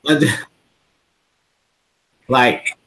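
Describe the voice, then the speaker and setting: A man co-hosting a live talk show, joking about church and doing high mock voices of old church folks. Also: extremely slow. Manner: animated, mimics church folks in high squeaky voices, stammering bits. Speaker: co-host. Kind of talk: comedic church-humor banter.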